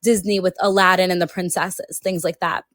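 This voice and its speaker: A woman's voice: on the low side, flat delivery, normal speed, fairly bright tone, no room sound. A woman in her thirties, an author being interviewed, talks in a chatty, laughing way and acts out quotes. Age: 30s. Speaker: author guest. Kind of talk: casual interview chat.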